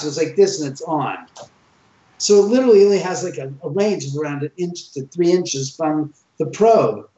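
Animated man telling stories in a roomy room. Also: a little high. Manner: animated, acts out quoted dialogue. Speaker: guest, owner of a reputedly haunted house. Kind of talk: casual podcast storytelling. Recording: roomy, dull sound.

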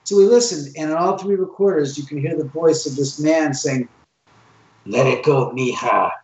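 A man with a somewhat high voice tells stories in a casual podcast chat. He acts out every line of dialogue. The recording is roomy and a little dull. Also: a little fast. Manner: animated, acts out quoted dialogue. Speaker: guest, owner of a reputedly haunted house.

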